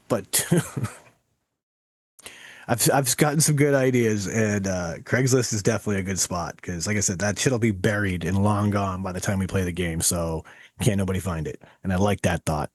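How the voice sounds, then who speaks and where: A man co-hosting a podcast in casual chat, telling profane, animated stories. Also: on the low side, brisk, dry recording, clean studio sound. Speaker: podcast co-host.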